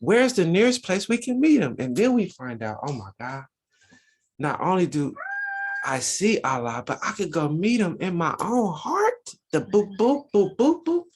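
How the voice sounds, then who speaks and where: A man leads a religious Sunday school class. His voice is a bit husky, and he talks with lively rises and falls in pitch. He keeps asking his listeners rhetorical questions. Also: normal speed. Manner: animated preaching, rhetorical questions. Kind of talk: religious teaching talk.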